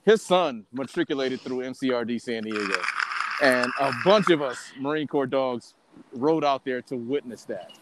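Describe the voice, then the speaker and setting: A man who served as a Marine, speaking in a measured, reflective, earnest way in casual chat. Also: mid-range voice, background noise. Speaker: Marine veteran guest.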